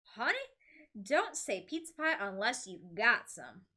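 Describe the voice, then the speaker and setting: Woman voicing a quirky food guru teacher, teasing, bright tone, lively pitch, storybook. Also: measured pace, exaggerated voice. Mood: playful.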